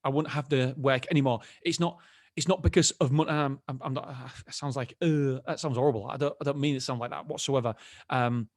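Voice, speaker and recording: A man's voice: mid-range voice, fairly even intonation, fast, no room sound, clean studio sound. A man hosting a solo podcast, talking casually in a candid, rambling way that keeps stopping and restarting. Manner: rambling, candid, self-interrupting with frequent restarts. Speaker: podcast host.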